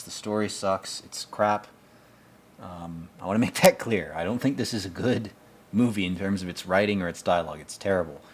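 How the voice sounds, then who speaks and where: A man hosting a podcast, giving casual, rambling, blunt movie commentary with plenty of fillers and swearing. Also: on the low side. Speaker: podcast host.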